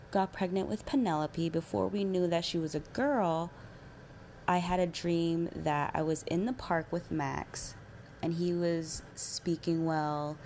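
A woman's voice: on the low side, darkish tone, slight background noise. A young woman and mother telling a personal story in a casual, candid way, swearing freely and using lots of fillers.

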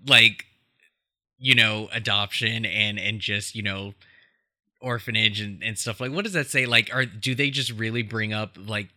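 A man's voice: on the low side, steady tone, measured pace, bright, forceful tone. A man hosting a podcast, chatting casually about a film with many fillers and frequent laughs. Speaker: podcast host.

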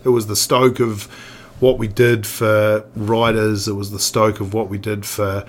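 A man, talking in a loose, rambling way, circling back and restarting his sentences. His voice sits a little low. A faint hum of background noise runs under the recording. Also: flat delivery, a little slow. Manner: rambling, many restarts and swearing. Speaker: guest. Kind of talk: casual storytelling chat.

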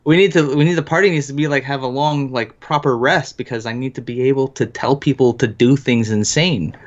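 A man from New Jersey co-hosting a casual podcast, making wry quick asides. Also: mid-range voice, muffled recording. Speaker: podcast co-host. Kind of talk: casual chat.

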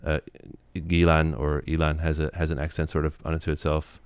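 A man's voice: a bass voice, monotone, moderate pace, clean tone, no echo. A man being interviewed, explaining at length in a casual, thoughtful way with frequent fillers and restarts. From United States. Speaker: guest, Taiwanese language teacher.

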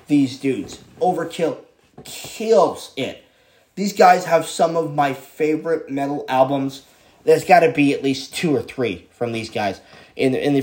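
A man counting down his favorite bands in a casual, excitable way, swearing freely and repeating himself. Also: fairly high pitch. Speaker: music vlogger ranking bands.

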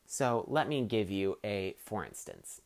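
A man's voice: lowish voice, sing-song, unhurried, gravelly, darkish tone, no room sound. A teenage boy hosting a podcast, talking in a cocky, sarcastic and rambling way as he tells casual stories. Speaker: podcast host.

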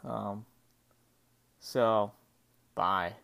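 A man's voice: fairly low pitch, steady tone, drawn-out words, vocal fry, pushed and bright. A man casually telling a spooky personal story in a rambling way, full of "like" and restarts. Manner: spooked, breathless retelling. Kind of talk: casual spoken story monologue.

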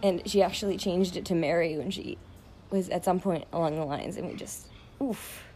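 A woman's voice: lowish voice, fairly even intonation, fairly quick, mellow, a little hiss or hum. A middle-aged woman hosting her own podcast, talking in an emotional, rambling way with many restarts and fillers. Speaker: podcast host. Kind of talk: casual personal podcast monologue.

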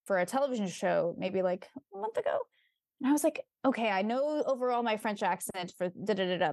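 A woman's voice: mid-range voice, no room sound, clean studio sound. A young adult woman, an actress chatting as an interview guest, upbeat and talkative, with lots of fillers and restarts. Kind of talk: casual interview chat.

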